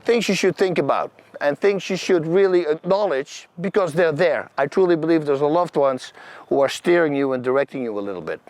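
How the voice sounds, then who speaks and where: Animated Dutch man telling stories. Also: on the high side, fairly quick, no echo. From Netherlands. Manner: animated, vivid, acts out scenes and quotes; loose, non-native grammar. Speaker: channel host. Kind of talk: personal storytelling monologue.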